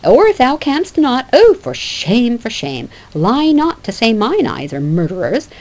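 A woman voicing a scornful young shepherdess who taunts her suitor in loud, high verse. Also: wildly swooping pitch, measured pace, heavily acted.

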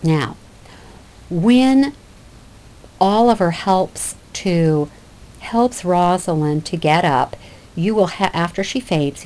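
A woman's voice: fairly low pitch, darkish tone, slight background noise, low-quality recording. A woman teaching literature, reading a play aloud and explaining it in a conversational way.

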